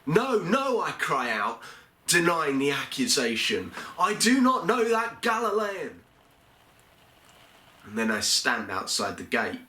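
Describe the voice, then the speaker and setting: A man's voice: fairly low pitch, reverberant. A man playing Peter, a remorseful fisherman. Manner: earnest, halting storytelling with quiet, heavy pauses. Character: remorseful male fisherman disciple, fearful and ashamed. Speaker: actor in a dramatic monologue. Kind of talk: first-person dramatic church monologue. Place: church.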